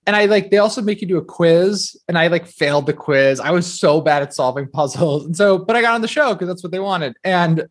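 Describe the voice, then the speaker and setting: A man in his thirties from New Jersey, speaking as a guest in a relaxed interview. His voice sits a touch higher than most men's, and he rattles along with lots of "like" and "sort of," poking fun at himself as he tells stories. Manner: fast, filler-heavy, self-deprecating storytelling. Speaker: guest author. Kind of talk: casual interview talk.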